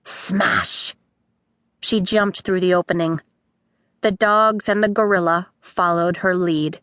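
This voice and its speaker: A woman narrating a children's audiobook with expressive storytelling. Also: on the low side, unhurried, smooth, no room sound, clean studio sound.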